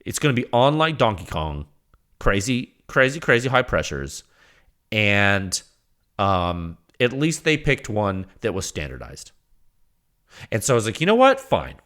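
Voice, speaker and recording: Animated, rambling male podcast host. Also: on the low side, unhurried. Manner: excitable, rambling, acts out quoted reactions. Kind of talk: casual solo podcast monologue.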